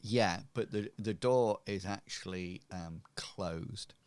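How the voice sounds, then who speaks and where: A man's voice: lowish voice, darkish tone, smooth, no echo, clean studio sound. A man narrating as game master, hesitant and full of ums. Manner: hesitant, many ums, slow.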